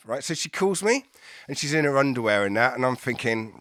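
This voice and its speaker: A man's voice: mid-range voice, lively intonation, brisk, fairly bright tone, dry recording, clean studio sound. A man telling a rambling story in casual podcast chat, full of swearing and laughter, playing out both sides of a conversation. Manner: swears a lot, laughs often, acts out both sides of chats. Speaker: podcast guest.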